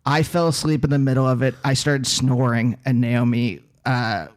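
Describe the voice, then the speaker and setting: A man's voice: medium pitch, steady tone, moderate pace. A man hosting a podcast, chatting casually with hesitant restarts and self-deprecating asides. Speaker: podcast host. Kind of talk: casual interview chat.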